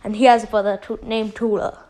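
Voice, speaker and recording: A woman voicing an irritable alien king who answers loudly and bluntly. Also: a little high, level tone, fairly quick, natural voice.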